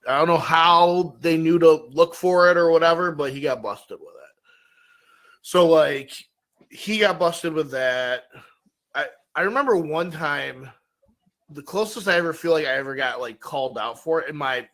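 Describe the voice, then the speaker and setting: A man's voice: on the high side, a bit bright. A man co-hosting a podcast, telling rambling stories in casual chat with lots of fillers. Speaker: podcast co-host.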